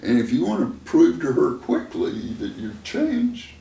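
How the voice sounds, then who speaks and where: Slow-talking man on a roomy distant mic. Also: fairly high pitch, very animated, gravelly, warm tone. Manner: slow, unhurried, laughs often. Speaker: therapist and host. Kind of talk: casual conversational storytelling. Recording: roomy room sound from a distant mic, faint noise.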